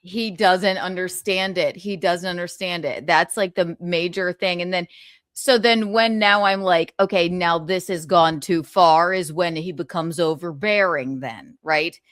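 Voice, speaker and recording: A woman's voice: on the low side, unhurried, dry recording, clean studio sound. A woman in a casual gossip chat, telling stories with laughter and acting out quoted lines. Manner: laughing, animated storytelling with mimicked quotes. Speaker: stream guest.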